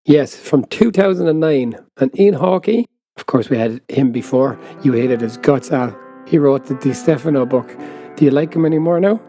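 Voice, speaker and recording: A man with an Irish accent, co-hosting a casual book podcast, chatty and quick to laugh, often trailing off mid-sentence. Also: mid-range voice, mellow, faint music behind. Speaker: podcast co-host. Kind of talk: casual chat.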